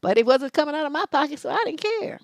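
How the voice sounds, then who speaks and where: Middle-aged woman giving advice, no-nonsense and cussing, kinda high voice, dry close sound. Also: lively intonation, quick pace, dry recording. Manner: blunt, profane and scolding; acts out both sides of dialogues. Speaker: relationship advice host. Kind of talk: live Q&A advice stream.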